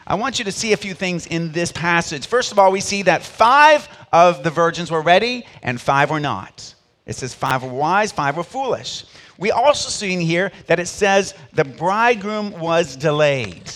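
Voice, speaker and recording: A middle-aged pastor preaching a sermon, with sharp rises and drops in volume and call-and-response with the congregation. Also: male voice, fairly high pitch, lively intonation, normal speed.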